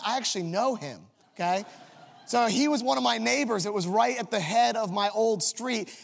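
High, gravelly pastor in a big hall. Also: male voice. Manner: self-mocking, comic storytelling. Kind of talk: storytelling sermon. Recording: long reverb of a large hall.

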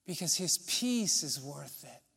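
A man preaching a sermon as pastor, conversational with rhetorical questions, often dropping to a soft, low voice. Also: sing-song, measured pace, vocal fry, breathy edge, in a large hall.

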